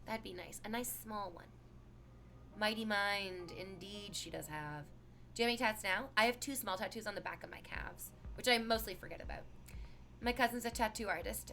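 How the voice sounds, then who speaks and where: Reading viewer messages during a casual stream, a woman in her thirties with a mid-range voice chats in a lively, animated way, with sudden bursts of laughter and exclamations.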